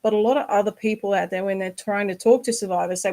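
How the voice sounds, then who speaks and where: An Australian woman hosting a casual podcast interview, with a voice of ordinary middle pitch. She talks earnestly and reassures her guest, and now and then she swears for emphasis. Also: fairly even intonation, fast, warm tone, poor audio. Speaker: podcast host.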